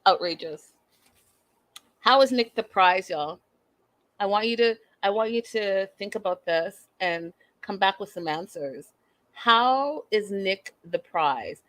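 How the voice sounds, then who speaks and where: A woman's voice: medium pitch, slow pace, no room sound. A woman hosting a live recap of a reality show, talking bluntly and with sass, often acting out the people she discusses. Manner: blunt, sassy and animated, mocks and acts out the cast members. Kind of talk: live-stream recap commentary.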